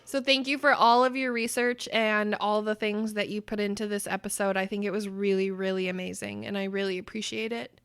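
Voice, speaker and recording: A woman co-hosting a podcast, telling stories in an animated way and breaking into loud laughter. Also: mid-range voice, a little fast, few pauses, clear, resonant tone. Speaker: podcast co-host. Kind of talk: casual podcast chat.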